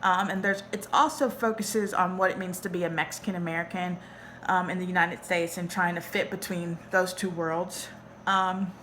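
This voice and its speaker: A woman's voice: fairly low pitch, pushed and bright, slight background noise. A woman hosting a book talk, speaking informally and enthusiastically with many fillers. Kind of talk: book talk with read-aloud.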